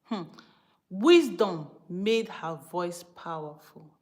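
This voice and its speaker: A Nigerian woman from Benin City preaching informally to her live-stream viewers, emphatic and animated, slipping into pidgin and speaking straight to her audience. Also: on the low side, slow. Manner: emphatic and animated, switching between English and pidgin, asides to the viewers. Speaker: live-stream host teaching from the Bible.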